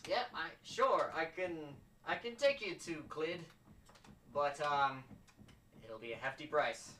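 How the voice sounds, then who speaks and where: Tabletop game voice: fussy, frantic male wizard, high and bright, put on by a man. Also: slow pace, echoey room, recorded from a distance, slight background noise. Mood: bargaining.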